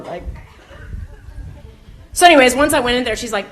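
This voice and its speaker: A young woman in her twenties, animated and a bit bright with a voice on the high side, speaks at a measured pace with long pauses. In an indoor community event room, she entertains a youth audience with funny stories about herself that lead to a faith message, laughing often, leaning on "like," and acting out each person.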